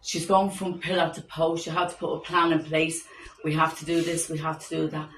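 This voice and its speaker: A woman's voice: deep voice, little pitch movement, a little fast, fairly bright tone. A middle-aged woman who speaks emphatically and urgently for her grandchild. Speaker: grandmother of an autistic child. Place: hospital room. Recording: echoey room from far off, faint noise.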